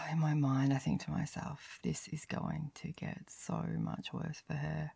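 A woman's whispered role-play, delivered as an intimate first-person narration. Her low voice has a heavy gravelly fry and lots of breath, sighing between lines. The sound is dry and close, with no room around it. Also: little pitch movement, dark tone, dry recording. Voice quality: breathy whisper with frequent sighs. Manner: slow, lingering, intimate first-person storytelling.

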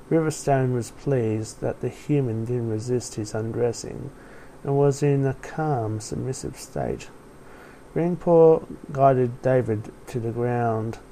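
Slow, gravelly male story narrator. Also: mid-range voice, warm tone, slight background noise, poor audio.

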